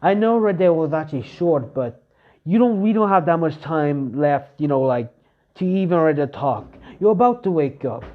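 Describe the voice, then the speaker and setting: A man's voice: on the high side, animated, moderate pace, phone-quality sound, close to an everyday voice. A man voicing the solemn spirit of a legendary armor, rambling with many fillers.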